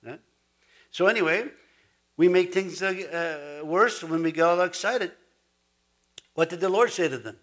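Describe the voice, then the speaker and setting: A man delivers a sermon in a relaxed, folksy manner, chuckling between thoughts. His voice sits a little high for a man, and it climbs further when he gets emphatic and preachy. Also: measured pace, pauses often. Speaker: pastor.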